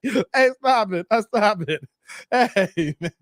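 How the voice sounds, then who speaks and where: A man's voice: high-pitched, animated, takes it slowly, dry recording, studio quality. A man casually reacting on a livestream, joking, laughing often and repeating himself with a loose, playful delivery. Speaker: streamer reacting to dating show clips.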